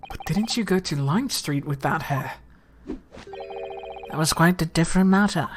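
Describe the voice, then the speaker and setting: A woman's voice: deep voice, a little slow, pauses often, slight background noise. A woman giving casual commentary while playing a game, swearing freely and laughing often. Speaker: let's play gamer.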